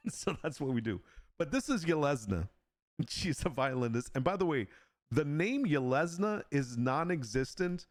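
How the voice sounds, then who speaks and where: A man of middle pitch with a very lively, swooping voice, recorded close and dry with no room sound. He chats casually to his stream audience, laughing a lot and teasing with mock sales pitches. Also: no room sound. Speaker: livestream host and digital artist. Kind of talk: casual live stream chat.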